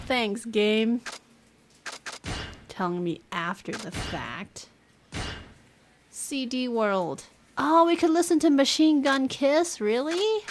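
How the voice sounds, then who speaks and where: Speaking slowly in a high voice with lively intonation, a young woman chats through a game stream, wondering aloud and playfully repeating words. Game music and background noise sit behind her.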